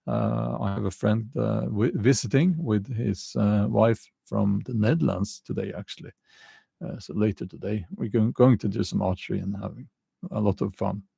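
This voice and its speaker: A man with a non-native English accent, hosting a casual livestream and answering chat comments in a halting way, with many fillers and frequent chuckles. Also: fairly low pitch, vocal fry, warm tone, slightly rough, dry recording. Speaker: channel host answering live chat.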